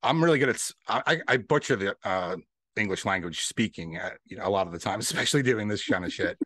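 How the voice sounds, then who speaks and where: A man's voice: fairly low pitch, expressive, quick pace, a bit bright, dry recording, clean studio sound. A man chatting casually on a podcast, laid-back, swearing and laughing often. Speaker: podcast host.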